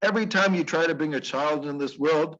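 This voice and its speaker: A man's voice: a little high, fairly quick, a bit bright, dull audio, close to an everyday voice. A man voicing God as a stern but caring deity who lectures and admonishes in an emphatic, repetitive way. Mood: earnest, admonishing. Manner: emphatic, scolding, pleading repetition. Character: God, stern yet caring, speaking to humans.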